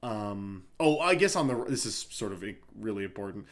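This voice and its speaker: A man's voice: on the low side, expressive, normal speed. A man co-hosting a casual podcast chat, retelling a story in a loose, rambling way full of "uh" and "like". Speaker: podcast co-host. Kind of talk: casual book discussion.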